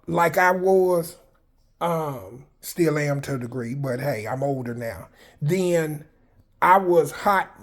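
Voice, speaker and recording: A man in his fifties telling personal prison stories in a blunt, profane, rambling way, full of fillers and restarts. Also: a little high. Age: 50s. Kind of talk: candid personal storytelling.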